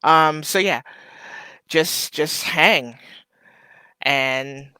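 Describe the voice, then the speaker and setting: A small shop owner hosting a casual live stream, talking to viewers in a rambling, heartfelt way with lots of ums and shout-outs. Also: mid-range voice, drawn-out words, clear, resonant tone, no echo. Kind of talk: casual livestream chat to viewers.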